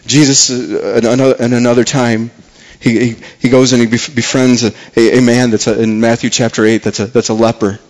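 Here a pastor preaches with earnestness. He leans on repeated words for emphasis, and his voice sinks soft and low at key phrases.

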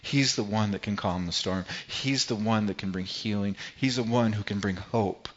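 A man preaching a sermon in an earnest voice, repeating words and phrases as he builds and softens his delivery. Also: fairly low pitch, moderate pace, lo-fi sound. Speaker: pastor.

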